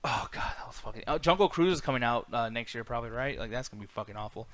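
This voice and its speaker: A man's voice: mid-range voice, animated, fast talker, fairly bright tone, dry recording. A man in his thirties hosting a live-stream chat, talking loosely and profanely with lots of fillers. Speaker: podcast host.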